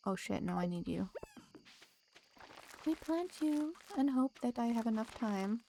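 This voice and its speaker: Slow-talking playful woman streamer. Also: medium pitch, mellow, slight background noise. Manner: playful, teasing banter, laughs often. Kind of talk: casual chat with live viewers while gaming.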